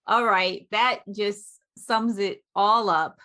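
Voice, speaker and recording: A woman's voice: medium pitch, fairly even intonation, slow pace, sharp tone. A woman co-host of an interview show, asking questions and summing up with affirming remarks. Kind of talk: podcast interview.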